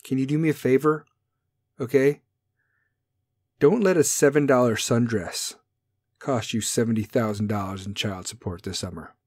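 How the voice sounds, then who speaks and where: A man hosting a talk show, ranting in a brash, profane, comedic way and now and then dropping into mocking high voices. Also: moderate pace, pauses often, a little mellow, no room sound, clean studio sound. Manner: brash, swearing, swings into mocking falsetto bits. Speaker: podcast host.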